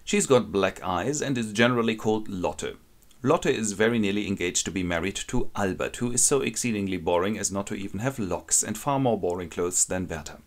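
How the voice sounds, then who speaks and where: A man's voice: fairly low pitch, animated, a little fast. A man wryly retelling a classic novel as a comic summary. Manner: wry, ironic storytelling. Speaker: narrator.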